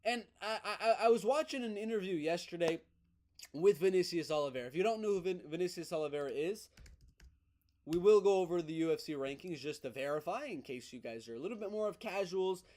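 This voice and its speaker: High-voiced excitable man talking fight news. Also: a little fast. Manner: excited, emphatic, repeats himself. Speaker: MMA news host. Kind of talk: casual opinionated commentary.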